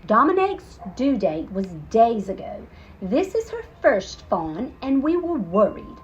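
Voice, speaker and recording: A woman's voice: on the high side, very animated, a little slow, darkish tone, lo-fi sound, slight background noise. A woman voicing a nervous, fussy male animal record keeper with an English accent, polite and formal, in a storybook reading.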